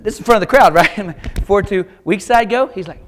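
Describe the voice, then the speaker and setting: A middle-aged Kansas man tells folksy jokes and motivational stories during a keynote in a large auditorium, addressing the audience directly. He speaks a little fast with few pauses, his high-pitched voice full of lively intonation.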